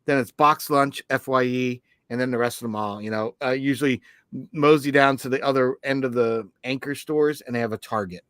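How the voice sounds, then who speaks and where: A man's voice: mid-range voice, brisk, fairly bright tone, clean tone, no room sound, clean studio sound. A man co-hosting a podcast, telling a long story in casual chat with lots of restarts. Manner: rambling storyteller, many restarts. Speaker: podcast co-host.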